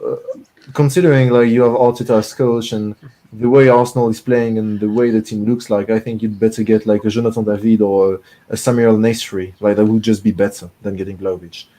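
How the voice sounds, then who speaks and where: A man's voice: on the low side, little pitch movement, a little fast, dark tone, rough recording. A man chatting casually about football as a guest on a call-in podcast, rambling with many fillers and restarts. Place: home room mid-move.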